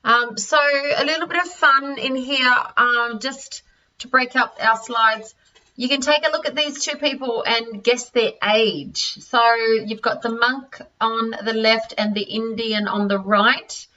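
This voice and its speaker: An Australian woman presenting health products over a call, halting with many fillers and restarts. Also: a little high, steady tone, bright, forceful tone. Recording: distant, dull-sounding audio.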